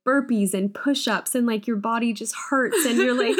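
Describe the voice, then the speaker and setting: A woman hosting a podcast, chatting in a relaxed, encouraging and agreeable way. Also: on the high side, normal speed. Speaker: podcast host. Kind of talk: casual podcast chat.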